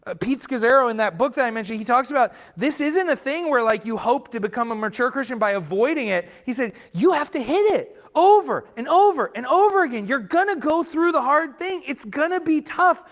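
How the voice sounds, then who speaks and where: A man's voice: extremely high pitch, animated, fairly quick, few pauses, a bit bright. Earnest male pastor preaching. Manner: earnest preaching, restarts words when stressing a point. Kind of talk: sermon. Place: church sanctuary.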